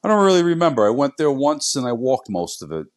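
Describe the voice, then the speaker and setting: A man's voice: mid-range voice, very animated, fast talker. A man in casual podcast chat, teasing and laughing as he talks. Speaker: podcast co-host.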